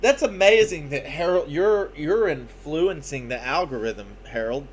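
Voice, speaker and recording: A man co-hosting a casual sports betting chat, laid-back and quick to agree emphatically. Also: on the high side, expressive, breathy edge. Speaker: podcast co-host.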